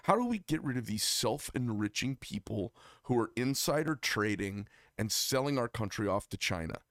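A man's voice: mid-range voice, sing-song, normal speed, no room sound, clean studio sound. A man from the United States hosting a casual political chat, heated and emphatic, his voice climbing sharply when outraged and dropping into mild swearing. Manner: heated, emphatic, rising to near-shouts of outrage with profanity. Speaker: podcast host.

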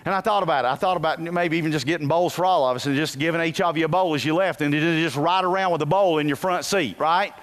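A man preaching a sermon as pastor, moving from quiet asides to loud bursts and telling folksy, humorous stories. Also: a little high, fast, hardly any pauses.

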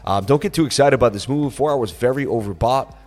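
A man hosting a crypto livestream, chatting casually and reading viewer messages in a relaxed, rambling way with lots of fillers. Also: medium pitch, fast talker, faint music behind. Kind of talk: casual livestream chat reading super chats. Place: on vacation in Florida.

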